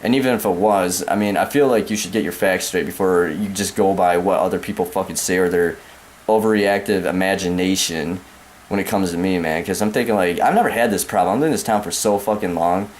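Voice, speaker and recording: A man's voice: sits low, fairly quick, a little hiss or hum. Angry, cursing young American man. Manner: profane, repetitive, calling the listener man and dude. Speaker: vlogger. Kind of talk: angry rant to camera.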